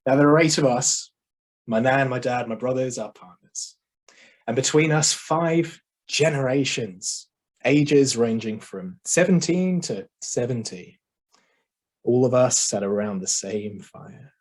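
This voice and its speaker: Male contest speaker, husky mid-pitched voice, deliberate oratory with pauses, video-call sound. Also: animated. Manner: measured, oratorical, dramatic pauses. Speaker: speech contestant. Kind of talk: competition speech.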